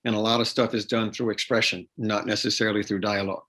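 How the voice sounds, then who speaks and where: A man's voice: lowish voice, flat delivery, fast, fairly bright tone. A man, an actor, being interviewed on a podcast, explaining at length with frequent fillers and restarts. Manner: explanatory, repeats words, many fillers and restarts. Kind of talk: interview conversation.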